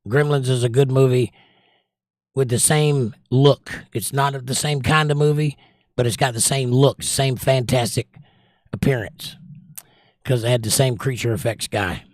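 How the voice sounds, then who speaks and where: A man's voice: medium pitch, steady tone, a little slow, darkish tone, dry recording. Chatty Southern American man, dry sound. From Southern United States. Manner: opinionated, chatty, recommends movies with strong takes. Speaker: livestream host. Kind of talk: casual chat reading out viewer comments.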